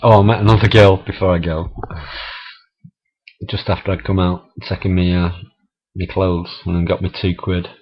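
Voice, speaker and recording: This middle-aged vlogger talks at a moderate pace in a low-pitched voice with little pitch movement and long pauses. His monologue is a casual storytelling session, chatty, laughing and profane, recorded as dull lo-fi camera audio.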